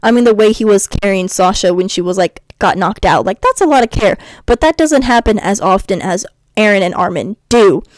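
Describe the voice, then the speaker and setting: A woman's voice: mid-range voice, fairly quick, no echo. Ranting young woman vlogger. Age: young adult. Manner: animated, swearing, chatty ranting. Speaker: YouTuber. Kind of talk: casual ranting vlog.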